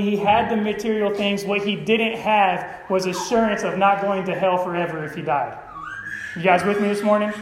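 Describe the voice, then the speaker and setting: A man's voice: sits high, echoey room, slight background noise, poor audio. A man preaching a sermon as pastor, conversational and often checking in with the congregation. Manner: conversational, keeps asking the congregation "right?".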